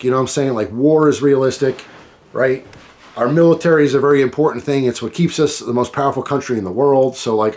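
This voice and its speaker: A middle-aged man from the United States talking casually to camera, rambling and often restarting his sentences. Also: mid-range voice. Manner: rambling, repeats and restarts himself. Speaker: vlogger. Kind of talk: casual storytime monologue.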